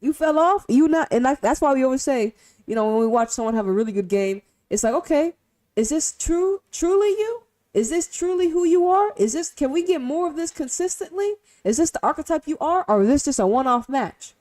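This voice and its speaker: A high-voiced woman streamer talks in casual, profane commentary. Her pitch leaps all over, and she fires off rhetorical questions. She drops from loud bursts to near-hushed mutters. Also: a little fast. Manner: animated, swinging from loud to hushed.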